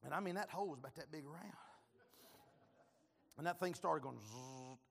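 An older man preaching a sermon, telling folksy stories and breaking into loud shouted prayers. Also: on the high side, moderate pace, gravelly, breathy edge. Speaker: pastor. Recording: long echoey church reverb.

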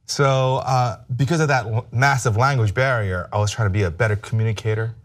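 A man's voice: medium pitch, brisk. A middle-aged American man telling self-mocking stories in a casual chat. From United States. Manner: animated storyteller, self-mocking.

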